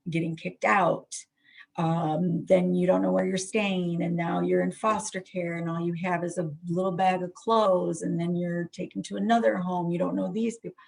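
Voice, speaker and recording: Woman therapist, middle-aged, husky voice, lower pitch, conversational talk with fillers. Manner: conversational, many fillers and restarts. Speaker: trauma therapist. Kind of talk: presentation on trauma.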